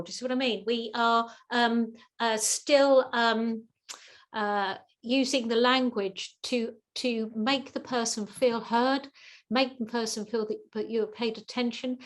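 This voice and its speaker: As a guest expert on a video call, a woman with a fairly high voice fields questions in a webinar Q&A, offering advice. She's lively and animated, often repeating herself and acting out the voices of people in her examples.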